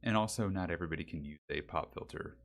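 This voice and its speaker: A man's voice: sits low, fast. A man streaming a game, chatting casually with his viewers, rambling and reading their names aloud, on a desk mic with a pop filter. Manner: rambling, talks to chat, reads names aloud. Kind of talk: casual livestream chat. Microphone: desk mic with pop filter and windsock.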